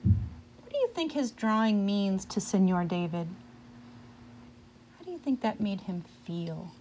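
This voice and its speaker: A woman reading a picture book aloud, pausing now and then to ask her listeners questions about the story. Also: medium pitch, big pitch swings, dark tone, slight background noise.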